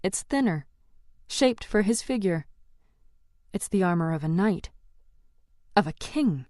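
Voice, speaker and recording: A woman's voice: medium pitch, animated, unhurried, a little mellow, no room sound, studio quality. A woman narrating a first-person audiobook in a tense, dramatic storytelling manner.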